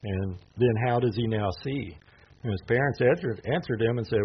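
Gravelly-voiced man teaching the Bible. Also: mid-range voice, normal speed. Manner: conversational, reads scripture aloud with asides. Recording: dull lo-fi sound with faint noise.

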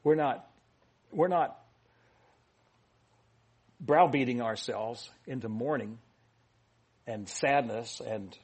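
Pastor, male, husky, mid-pitched; casual rambling sermon full of jokes and restarts. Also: slow pace, long pauses. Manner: rambling, joking and self-correcting, with many restarts and fillers. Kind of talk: informal sermon.

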